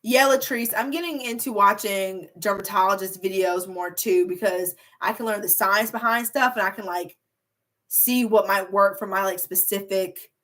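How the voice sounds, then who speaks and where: A woman's voice: medium pitch, a bit bright. A young woman YouTuber chatting casually on a livestream, reading viewer comments in a bubbly, rambling way with plenty of filler words. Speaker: beauty and hair YouTuber.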